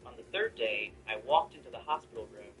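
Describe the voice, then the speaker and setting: A man telling a first-person family story with lively, rising and falling delivery. He sits a little back from the mic, and music plays clearly behind him. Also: medium pitch, fairly quick. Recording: distant mic with background music.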